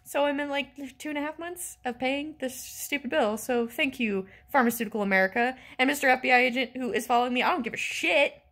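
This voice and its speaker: Exasperated young woman ranting, bright voice. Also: sits high, a little fast, hardly any pauses. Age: 20s. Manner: exasperated, animated, lots of fillers. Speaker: vlogger. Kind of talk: casual ranting story.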